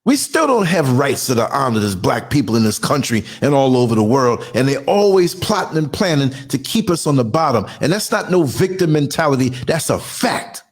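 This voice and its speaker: A man's voice: medium pitch, big pitch swings, normal speed, hardly any pauses. A man, ranting in a heated, emphatic opinion monologue with mocking asides. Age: 60s. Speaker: commentary channel host.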